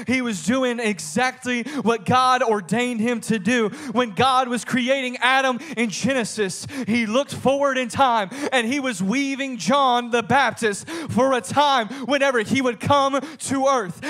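A man preaching a sermon, reading scripture and telling the story dramatically, swinging from soft storytelling to shouted high points. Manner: reads scripture aloud in King James wording.

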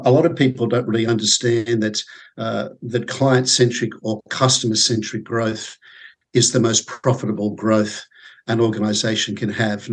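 Husky-voiced Australian man. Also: mid-range voice. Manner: thoughtful, with many fillers and repeated words. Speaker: podcast guest, sales consultant. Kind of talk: casual interview chat.

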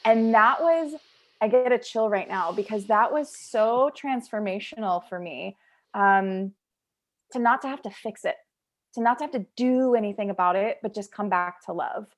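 A woman's voice: mid-range voice, moderate pace. A woman hosting a podcast in casual conversation, speaking in an emotive, heartfelt way with frequent restarts. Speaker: podcast host.

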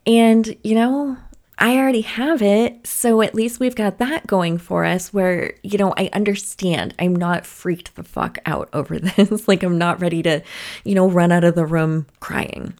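A woman's unhurried, medium-pitched voice carries a slight mellowness as she hosts a solo podcast. She recounts something personal in an open, conversational manner, with occasional laughs.

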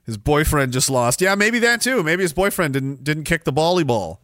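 A man's voice: fairly high pitch, very animated, moderate pace, a bit bright, no room sound, clean studio sound. A man hosting a podcast, ranting in a sneering, mocking way. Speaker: podcast host. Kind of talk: ranting commentary.

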